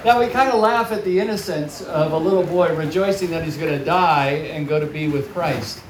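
A man's voice: on the high side, moderate pace, a crowd in the background. Man preaching in an echoey hall. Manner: warm storytelling, animated in acted quotes. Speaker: guest preacher. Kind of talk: sermon. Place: large hall or church, audience present. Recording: echoey hall, picked up from far off.

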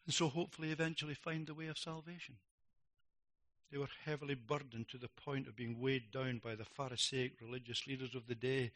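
A middle-aged man preaching a sermon, emphatic, swinging between loud declarations and quiet reflective lines. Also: medium pitch.

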